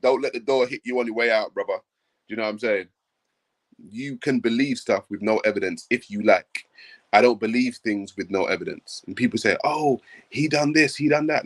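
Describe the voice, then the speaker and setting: Emphatic man with a lowish voice. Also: fairly bright tone. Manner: emphatic, repeats himself, calls viewers bro. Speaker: livestream host. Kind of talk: livestream commentary.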